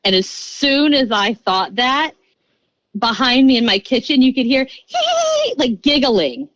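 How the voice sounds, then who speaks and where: A woman in her thirties, a podcast guest telling a story in a casual, chatty way, jumping into quick bursts and acting out the voices she quotes. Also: fairly high pitch, dry recording, rough recording. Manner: animated, acts out voices and quoted lines.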